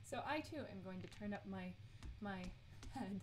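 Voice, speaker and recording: A woman's voice: medium pitch, animated, moderate pace, noisy background. A woman streaming a horror game, chatty and giggly as she talks to herself and her chat. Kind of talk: live let's play commentary.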